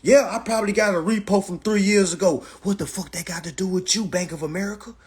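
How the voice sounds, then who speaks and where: Male livestream host, husky, blunt and profane, lecture-style. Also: sits high, quick pace. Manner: blunt, profane and lecturing, repeats "all right". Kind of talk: casual livestream talk. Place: indoors, livestream.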